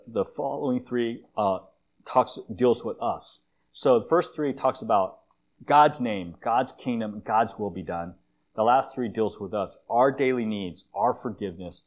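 A man giving a conversational church sermon with slides, a self-described long-winded speaker who often fills pauses and restarts phrases. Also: medium pitch. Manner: conversational, with frequent fillers and restarts. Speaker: guest preacher.

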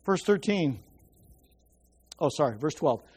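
A man with a slightly high, sing-song voice preaches slowly on a slightly rough recording. His Bible teaching is conversational, with frequent check-ins and hushed moments for emphasis.

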